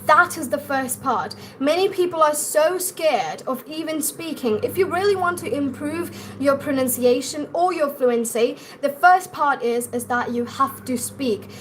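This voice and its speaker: A woman's voice: sits high, expressive, measured pace, hardly any pauses, a little hiss or hum, rough recording. A young woman with an Indian English accent, teaching pronunciation in a chatty live-stream lesson and talking straight to her viewers. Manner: chatty, repeats and restarts, addresses viewers directly.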